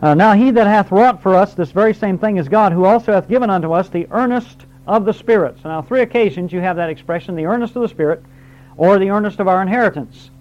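A man's voice: sits high, fast talker, a little mellow. A man teaching a Bible class, explaining verse by verse, reading scripture aloud and quizzing his students. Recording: dull lo-fi recording.

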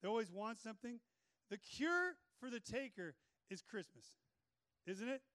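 Male preacher, storytelling sermon with loud exhortations, close dry mic. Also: high voice, very animated, moderate pace, clean tone, no echo.

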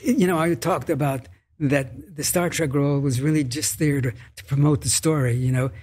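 A man in his eighties, an actor and guest, talking casually in a halting way with many restarts. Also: a little high, fairly even intonation, a little mellow. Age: 80s. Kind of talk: casual interview chat.

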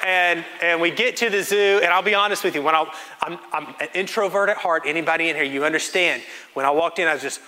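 Lively pastor, bright ringing voice. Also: male voice, a little high, fast talker, a little hiss or hum. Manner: animated, self-mocking storytelling with acted-out quotes. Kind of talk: sermon storytelling. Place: church sanctuary. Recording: reverberant church hall.

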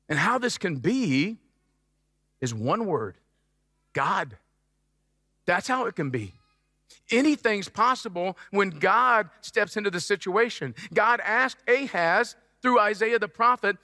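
A high, bright male voice delivers a sermon in an animated, playful way, with sudden loud stresses on key words. The sound is close and dry, but a long reverb trails behind it. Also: unhurried. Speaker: pastor.

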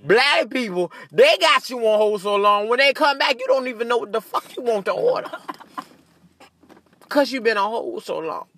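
A man with a notably high voice and a bright, sharp edge rants in a comic monologue. He speaks, cussing freely and laughing at his own jokes. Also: expressive, normal speed, no echo. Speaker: comedian. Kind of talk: stand-up style comedic rant.

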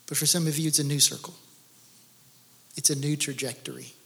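A man's voice: on the high side, steady tone, fairly quick, gravelly, fairly bright tone, long reverb tail. A man speaking to a church gathering, telling his own faith story in an earnest, storytelling way that rises to intense emphasis. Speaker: guest speaker. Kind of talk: testimony sermon.

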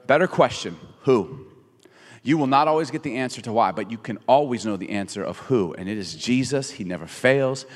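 A middle-aged male pastor preaching to a theater crowd, his voice jumping all over as he tells funny stories and acts out the people in them. The sound carries a long reverb from the big hall, and he speaks at a medium pitch. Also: brisk. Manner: animated storytelling with jokes and acted-out quotes. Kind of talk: sermon. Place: large theater.

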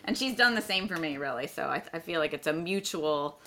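Bright encouraging woman. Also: deep voice, expressive, fairly quick, slight background noise. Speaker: guest. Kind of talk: casual panel conversation.

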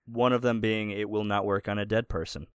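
A man's voice: lowish voice, flat delivery, fairly quick, clean tone, no echo, clean studio sound. A man narrating as game master in a tabletop game, casual and chuckling, with faint music behind.

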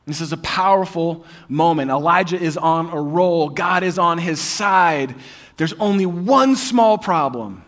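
High-voiced male preacher, conversational. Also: measured pace. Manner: conversational and humorous, shifting to hushed intensity. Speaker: pastor. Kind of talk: sermon. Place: church.

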